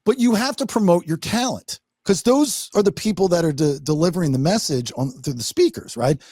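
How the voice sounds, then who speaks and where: A man hosting a podcast, telling stories in a lively way and acting out what people said, with some swearing. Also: sits high, brisk, breathy edge, no room sound, clean studio sound. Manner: animated storytelling, swearing, acts out quotes. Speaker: podcast host. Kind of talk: casual podcast chat.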